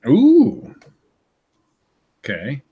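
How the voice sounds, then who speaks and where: A man's voice: mid-range voice, huge pitch swings, very slow, breathy edge, phone-quality sound. A man co-hosting a casual podcast, laid-back and laughing often as he makes wry remarks. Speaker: podcast co-host.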